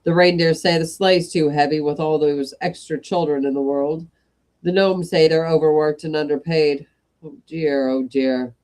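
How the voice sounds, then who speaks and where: A woman's voice: sits low, fairly even intonation, normal speed, a little mellow, lightly acted. A woman doing a fretful old Father Christmas. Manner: sighing, fretful. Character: weary old Father Christmas, worried man.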